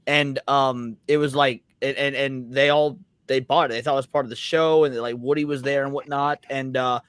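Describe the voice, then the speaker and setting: A man's voice: mid-range voice, steady tone, moderate pace, fairly bright tone, clean tone, dry recording. A man in casual podcast chat who rambles, restarting and repeating words as he tells a story.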